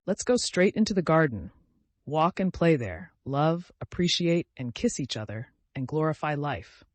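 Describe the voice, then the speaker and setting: A man voicing a gentle, feverish dying young man who talks tenderly and with rapture, in an audiobook. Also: fairly high pitch, very animated, moderate pace, no echo. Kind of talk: audiobook character voice.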